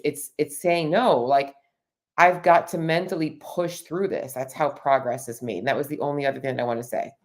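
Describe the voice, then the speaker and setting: A woman coaching in an earnest live chat, often repeating words as she searches for what to say. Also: sits low.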